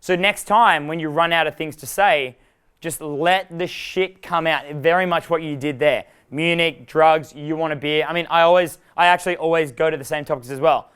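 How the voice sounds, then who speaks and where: A man's voice: a little high, steady tone, moderate pace, a bit bright, smooth. A young adult man leading a live dating workshop, rambling and profane, laughing at his own jokes. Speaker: dating coach.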